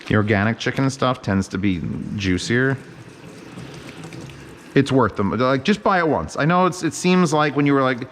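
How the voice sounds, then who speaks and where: A man's voice: mid-range voice, animated, moderate pace, a little hiss or hum. Joking, swearing man cooking at home. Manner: joking, profane, rambling commentary. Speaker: home cook host. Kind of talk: casual cooking vlog. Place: home kitchen.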